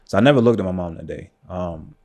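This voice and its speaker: On a podcast, a young adult man from the United States who works as a photographer tells a personal story, talking fast in a low voice. He keeps it casual and relaxed, leaning heavily on "um" and "like."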